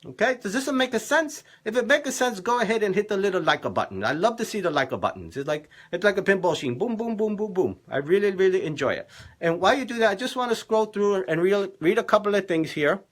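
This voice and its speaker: A man's voice: high-pitched, very animated, quick pace, fairly bright tone, full character voice. A man playing a boisterous, middle-aged Italian male love professor, giving dating advice in broken English with a put-on Italian accent and theatrical emphasis. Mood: emphatic advice. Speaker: relationship coach. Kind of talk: comedic in-character advice livestream.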